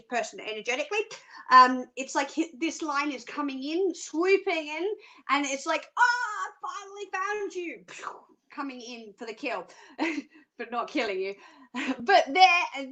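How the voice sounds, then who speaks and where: High-voiced chatty woman. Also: sharp tone. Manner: chatty and playful, hums little tunes between thoughts. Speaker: psychic reader, host. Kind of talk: live online psychic reading.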